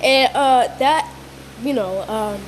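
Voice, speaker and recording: High-voiced excitable woman rambling to viewers. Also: slow, a little hiss or hum. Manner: breathless, repetitive, lots of fillers and restarts. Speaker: vlogger.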